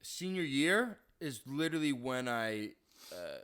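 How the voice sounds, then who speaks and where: A young man co-hosting a podcast, joking around in loose, halting casual talk. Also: mid-range voice, sing-song, fairly bright tone, clear, resonant tone. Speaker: podcast co-host. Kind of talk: casual chat.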